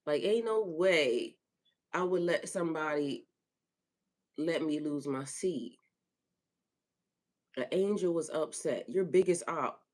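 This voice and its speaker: A woman spiritual coach on a live stream, chatting casually with viewers and slowly repeating affirmations. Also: a bass voice, a little mellow.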